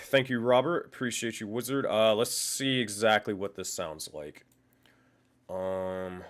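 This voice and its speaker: A young man hosting a live stream, chatting loosely with his viewers, thinking aloud, swearing and laughing often, speaking into a condenser microphone. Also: lowish voice. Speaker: livestream host. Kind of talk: casual live-stream chat.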